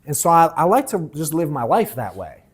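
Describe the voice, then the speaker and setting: A man leading a live sales workshop, telling animated stories that act out his own reactions, swearing freely and calling the audience bro and dude. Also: on the high side, fairly quick, slightly rough. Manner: animated storytelling, mimics himself, swears, calls people bro and dude. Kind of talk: casual, joking workshop talk.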